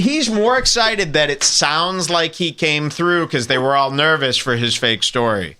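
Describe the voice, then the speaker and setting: A man's voice: a little high, moderate pace. A man hosting a show, mocking a clip with sarcastic commentary. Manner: sarcastic, scoffing, animated. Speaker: podcast host reacting to a clip.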